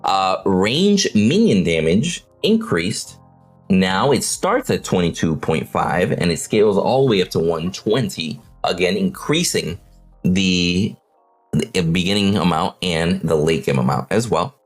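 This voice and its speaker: A man hosting a casual livestream panel on game patch notes, energetic, swearing and often tagging lines with "right?". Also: low voice, unhurried, faint music behind. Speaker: host of a game update panel.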